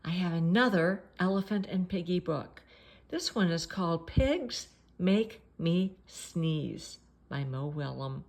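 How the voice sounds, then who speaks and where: A woman reading a children's picture book aloud, playful and expressive, acting out the characters' sneezes. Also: lowish voice, slow pace. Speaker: storybook reader.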